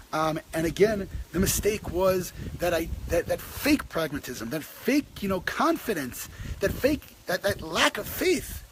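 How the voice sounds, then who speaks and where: A man giving an impassioned personal talk, stumbling over restarts and climbing in pitch when he presses a point. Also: background noise. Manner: impassioned, many restarts, rising when stressed. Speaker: host.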